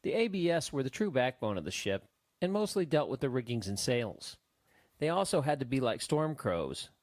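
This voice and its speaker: A male audiobook narrator reads the story with a lively, rising-and-falling pitch. His voice sits in a middle register and is recorded dry and close. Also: dry recording. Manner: expressive storytelling.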